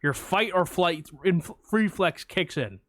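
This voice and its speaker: A man co-hosting a casual movie podcast, telling stories in an animated, boastful way. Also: sits high, takes it slowly, no echo, studio quality. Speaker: podcast co-host.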